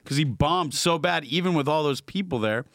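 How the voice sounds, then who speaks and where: A male comedian telling animated anecdotes in casual podcast banter. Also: fairly high pitch, normal speed, no room sound, clean studio sound. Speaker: stand-up comedian.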